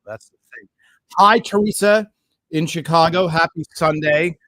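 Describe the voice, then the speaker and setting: A man's voice: a little high, measured pace, pushed and bright, no echo. Rambling, enthusiastic male live-stream host. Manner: rambling, enthusiastic, talks to himself between greetings. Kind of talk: live-stream chat greeting viewers.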